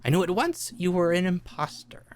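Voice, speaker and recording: A woman's voice: on the low side, animated, moderate pace, natural voice. A woman playing a shrewd, confident Victorian male detective in an amateur radio play, lecturing and amused.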